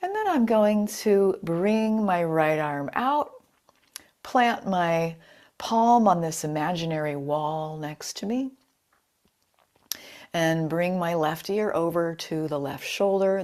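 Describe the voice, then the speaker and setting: A woman leading a chair yoga class over a video call, calm and encouraging as she cues breaths and movements. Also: lowish voice, takes it slowly. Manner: calm, encouraging, greets participants by name. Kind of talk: guided yoga class instruction.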